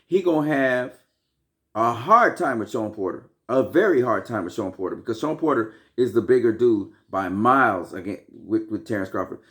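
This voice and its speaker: A man's voice: lowish voice, animated, normal speed, fairly bright tone. A man giving casual, opinionated commentary to his viewers in a blunt, heated, profane way. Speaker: boxing commentary vlogger.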